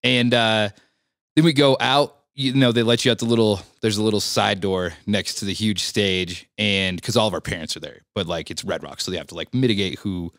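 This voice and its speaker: A man's voice: lowish voice, fairly even intonation, fairly quick, fairly bright tone, dry recording, clean studio sound. A man guesting on a podcast, telling a story in a laid-back, rambling way with fillers and swearing. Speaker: band member guest. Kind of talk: casual storytelling in interview.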